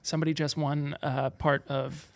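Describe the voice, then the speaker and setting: A man with a fairly high voice co-hosts a casual podcast. He reads viewer comments aloud and cracks jokes about them, recorded dry and close. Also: flat delivery, moderate pace, vocal fry, no room sound. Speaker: podcast co-host.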